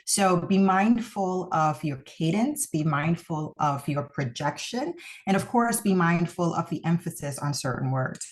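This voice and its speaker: A woman who founded a mock trial program, giving a recorded lesson in an encouraging, deliberate way and stressing key words. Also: on the low side, lively intonation.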